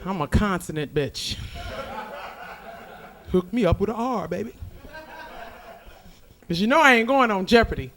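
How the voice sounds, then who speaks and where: A woman's voice: medium pitch, animated, a little slow, long pauses. Brash, profane woman doing stand-up. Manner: brash, profane, loud crowd work. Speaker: stand-up comedian. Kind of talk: stand-up comedy set. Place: comedy club stage.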